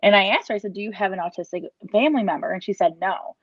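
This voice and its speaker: A woman's voice: mid-range voice, fast talker, no echo. Earnest woman in her thirties sharing a personal story over a video call; dry, dull lo-fi audio. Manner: earnest, rambling with restarts and quoted inner thoughts. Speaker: parent giving a testimonial. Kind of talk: emotional personal story, casual.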